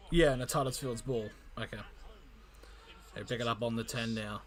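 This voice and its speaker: A man calling a rugby league match live for his stream, in an amateur play-by-play style that jumps in excitement and often stumbles and corrects himself. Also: medium pitch, moderate pace. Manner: excitable, frequent restarts and self-corrections.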